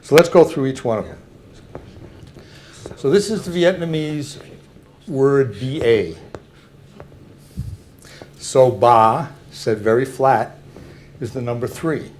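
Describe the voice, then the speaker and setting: An older man giving a public talk, slowly and carefully explaining examples to an audience. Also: medium pitch, a little mellow, slight background noise.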